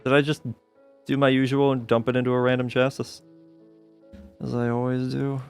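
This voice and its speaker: Soft music plays behind this clean recording of a man with a gravelly, darkish mid-range voice. His delivery is flat and his pace normal as he casually comments on a modded building game, thinking aloud and laughing at his own blunders in a self-mocking way.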